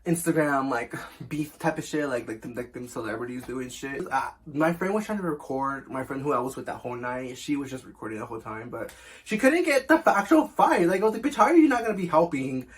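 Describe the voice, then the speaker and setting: A man's voice: mid-range voice, sing-song, brisk. A young man telling a casual storytime as a vlogger, chatty and full of fillers, swearing often.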